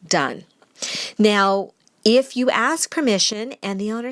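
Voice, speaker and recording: A woman dog trainer giving casual advice in a podcast, talking bluntly and teasing her listeners, with lively jumps in pitch. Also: a little slow, no echo. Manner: chatty and blunt, with playful teasing; animated, with lively shifts in pitch.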